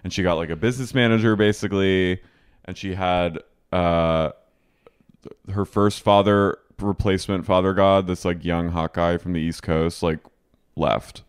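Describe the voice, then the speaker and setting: A man co-hosting a podcast, recapping a show in animated casual chat full of "like". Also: sits low, moderate pace, smooth, no echo, clean studio sound. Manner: animated storytelling, heavy use of "like". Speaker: podcast co-host.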